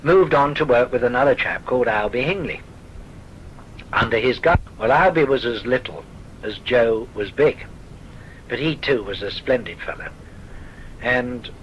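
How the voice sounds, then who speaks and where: A man's voice: mid-range voice, a bit bright, lo-fi sound, a little hiss or hum. An older man with a southern English accent, genteel and wry, telling his memories for a recorded oral history. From south of England. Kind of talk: recorded reminiscence.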